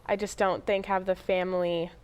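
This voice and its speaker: A woman's voice: fairly low pitch, flat delivery, normal speed, clean tone. A young woman appearing as a talk show guest, explaining things earnestly.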